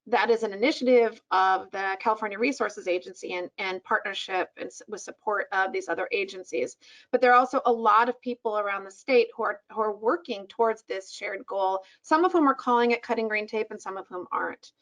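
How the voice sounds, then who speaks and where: A woman's voice: medium pitch, a little fast, a bit bright. A woman presenting a policy report on a webinar over a video call, speaking conversationally with fillers.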